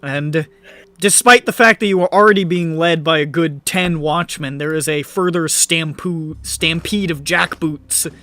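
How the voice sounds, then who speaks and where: A man's voice: a little high, unhurried, pushed and bright, dry recording. A man narrating a tabletop game as game master, vivid and descriptive with laughing asides.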